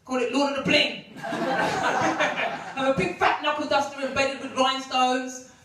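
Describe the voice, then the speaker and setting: Lady doing stand-up, high voice, brash and mocking, roomy club echo heard from far back. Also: level tone, unhurried, very noisy. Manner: brash, mocking, punchy delivery. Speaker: stand-up comedian. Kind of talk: stand-up comedy set. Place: comedy club. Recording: echoey club recorded from far off. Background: audience laughter.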